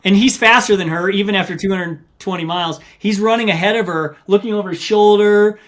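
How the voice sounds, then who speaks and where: He talks fairly quickly, and his voice is high. This middle-aged man coaches and runs ultramarathons, and in a podcast interview he spins stories with energy, voicing what others said.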